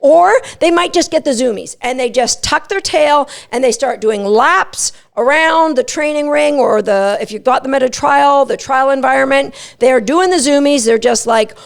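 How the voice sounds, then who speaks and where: A woman's voice: sits high, moderate pace, creaky, few pauses. A middle-aged woman hosting a dog training podcast, talking in an emphatic, coaching way and working through numbered points. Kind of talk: podcast monologue.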